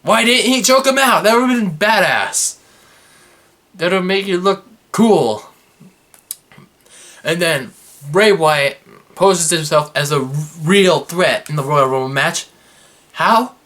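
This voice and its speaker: A young man recaps a wrestling episode in an unhurried, chatty way. His voice swings widely in pitch as he gets excited or sarcastic. He sounds like a fan ranting to his viewers. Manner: excitable, sarcastic, fluctuating energy. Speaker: wrestling review vlogger. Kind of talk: casual recap commentary.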